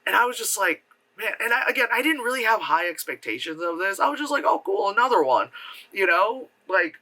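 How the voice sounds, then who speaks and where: Animated, high-voiced man ranting casually. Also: brisk. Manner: animated, profane, slips into mocking impressions. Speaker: movie reviewer.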